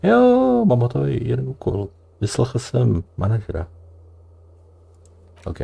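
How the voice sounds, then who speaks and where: A Czech man casually commenting on his gameplay, relaxed and offhand, thinking aloud. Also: medium pitch, a little slow, creaky, slightly rough. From Czech Republic. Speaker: let's-play gamer.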